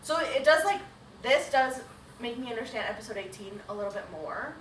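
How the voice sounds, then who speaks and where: A woman's voice: on the high side, animated, brisk, fairly bright tone, roomy sound, far from the mic, a little hiss or hum, poor audio. A woman co-hosting a casual podcast recap, laughing often and swearing freely. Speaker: podcast co-host.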